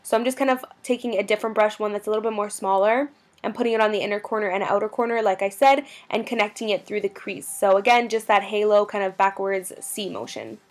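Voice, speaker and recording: A woman's voice: medium pitch, fairly even intonation, fast talker. A young woman narrating a makeup tutorial, gushing about products in a bubbly, chatty way. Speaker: beauty vlogger.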